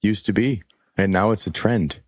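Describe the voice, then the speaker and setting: A podcast host with a lowish, slightly mellow voice talks at a normal speed, recorded in studio quality with no echo. He keeps the chat casual, laid-back and slangy, saying "dude" a lot.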